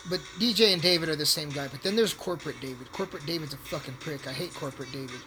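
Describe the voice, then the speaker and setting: A man with a slightly high voice tells a long, rambling story, swearing constantly and circling back on himself. He chats casually while playing a video game. Clear background music runs underneath. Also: fast talker. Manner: profane, rambling, repetitive. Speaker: hotel worker telling a story.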